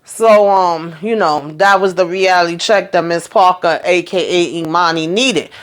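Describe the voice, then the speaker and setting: A woman's voice: on the low side, a little slow. A woman giving a casual, sassy TV episode recap, chatty and full of asides to her viewers. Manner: chatty, sassy, acts out characters' lines. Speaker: YouTube show recapper.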